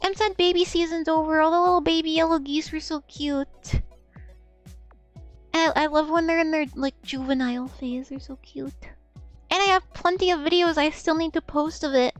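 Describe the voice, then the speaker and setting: High-voiced giggly young woman streamer. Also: fairly even intonation, moderate pace, faint music behind. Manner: rambling, stammering repeats, giggly, swears casually. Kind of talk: casual live-stream chat.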